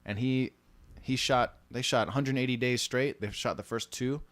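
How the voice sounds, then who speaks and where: A man's voice: medium pitch, fairly even intonation, normal speed, a bit bright, no room sound. A man casually telling film-business stories, slipping into mimicked voices for the people he quotes. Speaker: podcast co-host.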